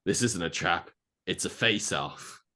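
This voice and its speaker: A man co-hosting a podcast, rambling through a movie plot pitch with lots of fillers and acted-out quotes. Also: measured pace, bright, forceful tone. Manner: rambling, filler-heavy, acts out quoted lines. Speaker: podcast co-host.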